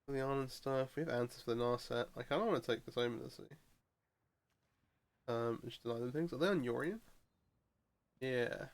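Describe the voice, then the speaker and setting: A man talks through his card game match as he plays. He mutters half-finished thoughts, repeats words and restarts sentences. His pitch sits at an ordinary middle level for a man. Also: brisk, long pauses. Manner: thinking aloud, mumbling, frequent restarts. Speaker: streamer playing a card game. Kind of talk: casual gameplay commentary.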